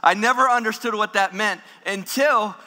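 Animated pastor preaching in a reverberant hall. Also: male voice, sits high, moderate pace. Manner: animated, humorous, acts out scripture voices. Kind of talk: sermon.

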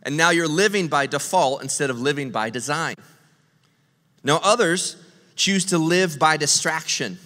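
A middle-aged man preaching a sermon from a church stage, animated and joking, slipping into quick impressions. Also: on the high side, long reverb tail. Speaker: pastor.

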